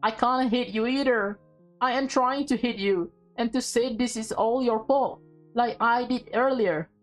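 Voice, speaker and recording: A woman voicing a tearful teenage girl in a game who speaks haltingly, choked up. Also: fairly high pitch, fairly even intonation, soft background music, voice pushed up, lightly acted.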